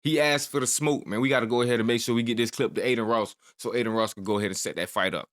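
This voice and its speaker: A man's voice: medium pitch, steady tone, racing, a bit bright. A man reacting to a video clip in casual commentary, laughing and hyping it up. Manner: laughing, hyped banter.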